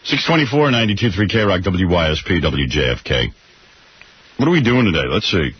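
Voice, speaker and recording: A man's voice: sits low, big pitch swings, brisk, a little hiss or hum. Blunt, ranting male radio host. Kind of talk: morning radio talk. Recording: dull lo-fi radio broadcast.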